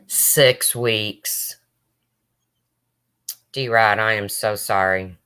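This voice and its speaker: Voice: medium pitch, steady tone, drawn-out words, pushed and bright, smooth. A livestream host talking emotionally to viewers and answering chat, close to tears. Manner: emotional, talks straight to viewers.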